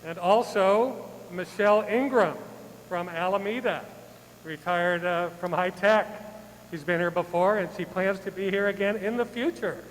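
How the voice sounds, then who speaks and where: A man introducing visiting guests at a club meeting, talking loudly and chattily. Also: high-pitched, normal speed, long reverb tail, slight background noise, low-quality recording. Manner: loud and chatty.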